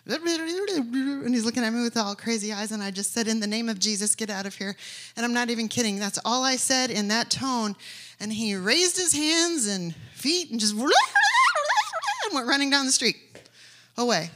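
A woman's voice: a little high, lively intonation, normal speed, fairly bright tone, slight background noise. A woman preaching a sermon, telling stories animatedly and rising to emphatic declarations.

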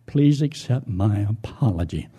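A preacher putting on a cheeky talking parrot. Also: male voice, lowish voice, expressive, dark tone, husky, voice pushed down, exaggerated voice. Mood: stammering contrite. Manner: taunting, then stammering and halting when half frozen. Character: rude wisecracking male talking parrot. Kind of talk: sermon storytelling.

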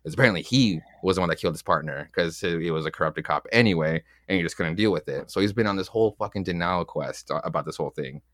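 Recapping comic book issues with his co-hosts, this co-host is loose and rambling, cursing often and acting out lines. His low, fairly bright voice moves fast with few pauses, in clean studio sound with no room sound.

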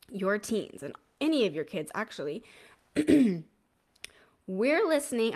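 A woman in her thirties, a parenting host with a lingering cough, chatting informally and correcting herself as she goes. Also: mid-range voice. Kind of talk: casual solo talk to camera, live.

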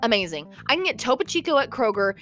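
Chatty young woman with a lively voice. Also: fairly high pitch, fast, soft background music. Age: young adult. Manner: animated, rambling, lots of "okay?" and "like". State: slightly out of breath. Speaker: vlogger. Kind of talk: casual chatty vlog.

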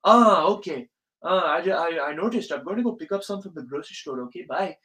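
A dutiful young son with an Indian accent answers his parents quickly and meekly, as a podcaster acts him out. His voice rises well above the speaker's own and stays bright and obliging. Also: a little high, expressive, reverberant, voice pushed up.

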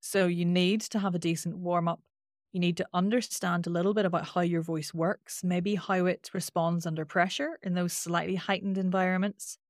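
A woman with a Northern Irish accent and a nasal twang, a voice coach explaining things in an interview with lively demonstrations. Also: lowish voice, normal speed, dry recording, clean studio sound. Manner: animated, demonstrates with sung-out sounds.

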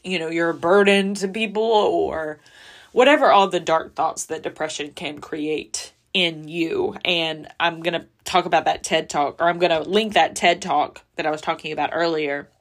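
A woman, hosting a podcast and speaking candidly and emotionally about personal struggles, close to tears at times. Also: deep voice. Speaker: podcast host. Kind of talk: personal confessional podcast talk.

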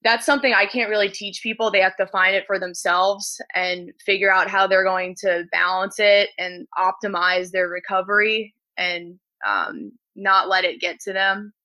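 A woman's voice: medium pitch, moderate pace, hardly any pauses, pushed and bright, rough recording. A woman strength coach talking casually as a podcast guest, with many "like" fillers.

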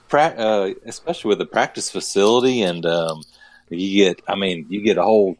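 A man with a fairly low voice co-hosting a sports podcast. He rambles in a halting way, breaking off and restarting his sentences. The recording is dry and close, with no room sound. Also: no echo. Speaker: podcast co-host. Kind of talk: casual sports chat.

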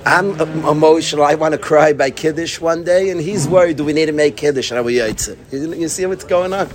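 Animated yeshiva-style man teaching Talmud. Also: fairly high pitch, fairly quick. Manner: animated storytelling, breaks into laughter and acts out his study partner; sprinkles Yiddish and Hebrew yeshiva terms. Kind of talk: informal Torah class.

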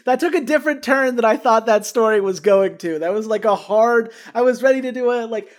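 A man's voice: high-pitched, moderate pace. A man co-hosting a gaming podcast, chatting casually with dry, sarcastic asides. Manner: wry, sarcastic. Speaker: podcast co-host. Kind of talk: casual chat.

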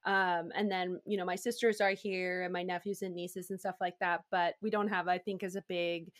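A woman chatting casually, telling animated stories about her family and playing out their voices as she goes. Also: fairly low pitch, normal speed. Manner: animated storytelling, acts out relatives' voices. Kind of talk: casual chat.

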